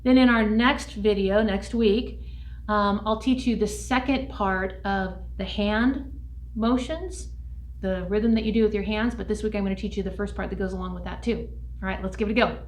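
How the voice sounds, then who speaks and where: A woman music teacher giving an upbeat lesson to young children, speaking slowly and clearly. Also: roomy sound, recorded from a distance, a little hiss or hum. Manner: shouts chant calls in a high voice.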